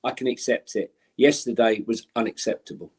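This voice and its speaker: A man's voice: medium pitch, steady tone, brisk, darkish tone, breathy edge. A man co-hosting a fan podcast, bluntly ranting and reeling off statistics. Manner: blunt and exasperated, ranting through stats. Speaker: podcast co-host. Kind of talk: casual fan podcast chat.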